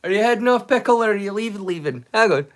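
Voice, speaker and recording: A man's voice: high voice, animated, fast. A Scottish man chatting casually with live viewers, teasing and swearing freely. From Scotland. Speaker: live streamer.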